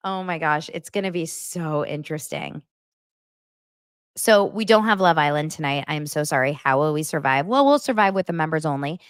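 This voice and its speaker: A gossipy young woman chats through a reality TV recap, her pitch jumping up and down as she gets worked up. She mimics people in mocking voices. The sound is close and dry, with no room around her. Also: moderate pace, pauses often, clean tone, no echo. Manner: gossipy and animated, acting out quotes in mocking voices. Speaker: podcast host. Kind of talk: casual pop-culture recap chat.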